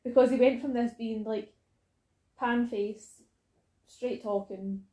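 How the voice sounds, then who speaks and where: A woman's voice: on the high side, fairly even intonation, slow, dark tone, roomy sound, rough recording. A woman in casual podcast chat who laughs often and acts out quotes.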